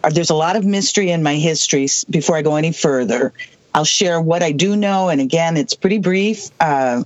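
A person in their sixties from the US Southwest, telling a personal story as an interview guest, halting, with many restarts and asides. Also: medium pitch, dry recording. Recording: dull lo-fi dry recording.

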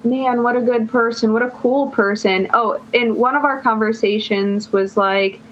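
A woman's voice: fairly high pitch, fairly even intonation, normal speed, a little hiss or hum. A young woman guest on a podcast telling a long personal story in casual chat, rambling and filling her phrases with "like". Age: young adult. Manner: rambling, fills every phrase with "like". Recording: dull lo-fi sound.

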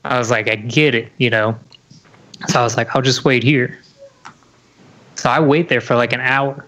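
A man's voice: mid-range voice, steady tone, moderate pace, sharp tone. A young man telling a story in casual chat, full of fillers and swearing. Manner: swears a lot, lots of "like" and "you know".

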